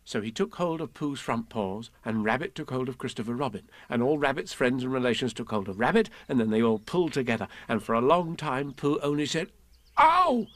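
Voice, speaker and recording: A man reading children's poems and stories aloud in an expressive, lilting way. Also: medium pitch, a little fast, few pauses, dry recording. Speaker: reader.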